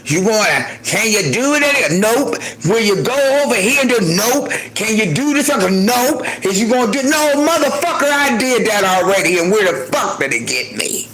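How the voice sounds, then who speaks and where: A man in his sixties hosting a livestream and ranting heatedly with a lot of profanity, swinging between loud outbursts and low muttering. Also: very animated, normal speed, hardly any pauses, a crowd in the background. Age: 60s. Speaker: livestream host.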